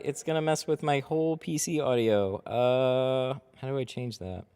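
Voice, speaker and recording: A man's voice: medium pitch, normal speed, mellow, clear, resonant tone. Chatty man in an echoey tint shop. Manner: chatty, rambling, laughs often. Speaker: window tint shop owner livestreaming. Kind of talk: casual livestream chat while working. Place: car tint workshop. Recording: echoey reverberant workshop.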